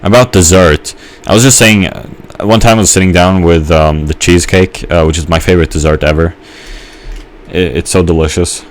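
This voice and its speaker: A man's voice: sits low, moderate pace. A young man giving a rambling let's-play commentary, musing and hesitant with many fillers and restarts. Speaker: gamer.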